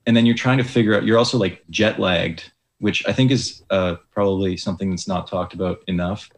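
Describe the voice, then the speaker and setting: A man's voice: sits low, steady tone, a little fast. A young man, an Olympic ski jumper, talking casually as an interview guest, hesitant with many likes and restarts.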